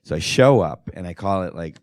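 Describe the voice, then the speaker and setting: Deep-voiced man telling stories. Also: brisk, smooth, dry recording, clean studio sound. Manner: animated, laughing storyteller. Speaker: film director, guest. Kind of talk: anecdotal storytelling at a Q&A.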